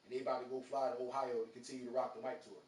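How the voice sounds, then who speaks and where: Fast-talking man telling a story. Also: mid-range voice. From Philadelphia. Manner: animated, acts out quoted voices, streetwise slang. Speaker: radio show host. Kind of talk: casual storytelling on a live show. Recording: roomy, distant mic with faint noise.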